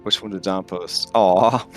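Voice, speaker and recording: Low-voiced man running a tabletop game. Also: fairly bright tone. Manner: casual, laughing between lines. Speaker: game master.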